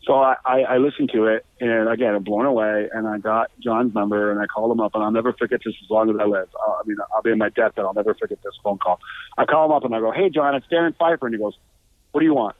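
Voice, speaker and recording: A man who is a guest musician, telling stories casually, animated and halting, with restarts and swearing. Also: no room sound. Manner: animated, acts out quotes with raised pitch. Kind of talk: casual storytelling. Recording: tinny phone-like line.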